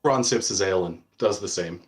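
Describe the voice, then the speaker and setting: A man's voice: low-pitched, a little fast. A man casually narrating his character's actions in a tabletop role-play game, with many fillers. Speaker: player.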